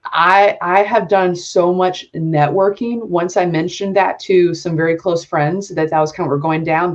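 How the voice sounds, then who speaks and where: A woman's voice: deep voice, dull audio. A woman guest on a podcast, talking candidly and ramblingly with lots of fillers and casual swearing. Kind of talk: casual conversational interview.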